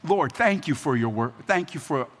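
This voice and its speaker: A man voicing a sulky, grumbling adult prophet in a sermon, in a lower voice than his own. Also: lively intonation, moderate pace, a bit bright, big-room sound. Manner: grumbling, sarcastic.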